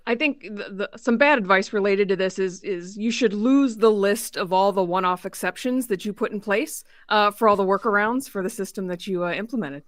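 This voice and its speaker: A woman on a discussion panel, speaking in a steady mid-range voice. She explains carefully and stacks up examples one after another, and the sound is close and dry. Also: medium pitch, fairly quick, hardly any pauses, no room sound. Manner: thoughtful, explains by listing examples. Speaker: guest, healthcare engineering executive.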